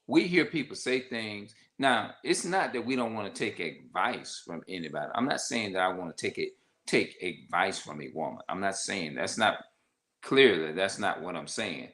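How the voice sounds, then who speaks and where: Conversational and repetitive, this male vlogger speaks to camera at normal speed in an expressive voice, frequently asking "you see what I'm saying." When quoting others he acts out the voices with sharp pitch jumps. The recording is rough.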